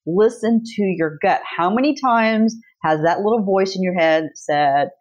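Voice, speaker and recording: Animated middle-aged woman guest, muffled line. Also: medium pitch, unhurried, hardly any pauses. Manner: animated storyteller, swears freely. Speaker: guest author. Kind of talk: casual chat.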